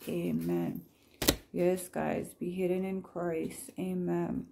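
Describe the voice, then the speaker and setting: A woman chatting gently through scripture cards at home, reading verses and prayers aloud and apologizing with a laugh. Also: lowish voice, flat delivery, slow, creaky, a little hiss or hum. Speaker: Christian vlogger sharing scripture cards. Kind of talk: casual devotional chat with read-aloud scripture and prayers.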